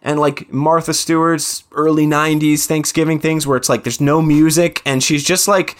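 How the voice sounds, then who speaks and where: A man's voice: on the high side, steady tone, moderate pace. A man in his thirties co-hosting a podcast, telling stories in a rambling way with quoted asides. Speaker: podcast co-host. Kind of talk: casual chat.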